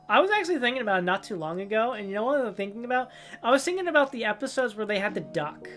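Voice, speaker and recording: A young woman chatting on a livestream in a loose, rambling way, jumping from story to story. Her voice sits at an ordinary pitch, and her telling is lively. Quiet music plays faintly behind her. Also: normal speed. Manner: rambling, animated storytelling with goofy character voices. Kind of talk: casual chat stream.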